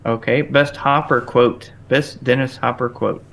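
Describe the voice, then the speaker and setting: A man briskly moves through the categories of a film podcast, introducing each pick in turn. His voice is mid-pitched, and a faint noise hums behind him. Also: fairly even intonation, creaky, fairly bright tone. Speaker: podcast co-host. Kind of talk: casual film discussion.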